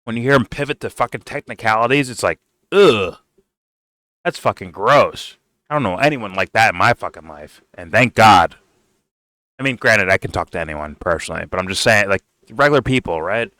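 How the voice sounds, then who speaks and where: Ranting male reaction host, low voice, dry close mic, blunt and profane. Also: lively intonation, moderate pace, sharp tone, no echo. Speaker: commentator reacting to a debate clip.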